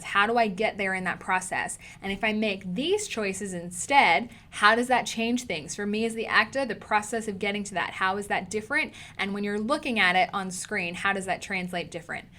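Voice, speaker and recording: A woman's voice: medium pitch, bright, forceful tone. A woman with an Australian accent giving an online acting lesson, emphatic and repeating key words for stress. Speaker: acting teacher.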